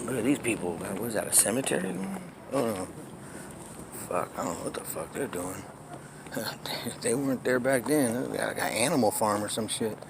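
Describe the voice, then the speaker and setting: A man with a mid-range, slightly bright voice, marked by a little hiss or hum, is tipsy and walking his old neighborhood. He tells loose, profane stories into a handheld phone along the street and alleyway, often laughing between phrases.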